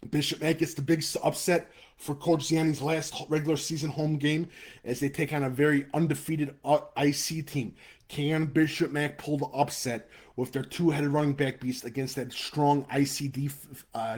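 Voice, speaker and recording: On a live webcast, a high school football show host ranting and previewing a game sounds blunt and fired-up, with a Chicago-area American accent; he swears, then apologizes. His mid-range voice is a little mellow.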